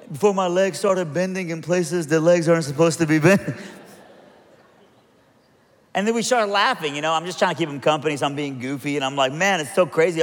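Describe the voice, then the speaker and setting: A man delivers a sermon, leaning on storytelling and playful asides as he acts out the voices in his story. His voice sits a little high for a man. Long reverb from a large church auditorium trails after his words. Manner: animated, acts out quotes, joking asides. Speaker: preacher.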